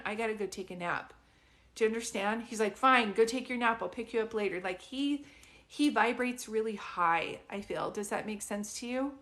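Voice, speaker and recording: At home with a dog nearby, a woman gives a casual live psychic reading in a fairly high, fairly bright voice. She chats and rambles, full of fillers and restarts.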